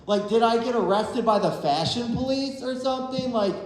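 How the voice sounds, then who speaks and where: A man's voice: extremely high pitch, a little hiss or hum. Ohio man in his thirties, echoey club. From Ohio, USA. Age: 30s. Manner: deadpan, self-deprecating punchlines with quick put-on voices. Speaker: stand-up comedian. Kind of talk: stand-up comedy set. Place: comedy club stage. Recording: very roomy, long reverb of a club.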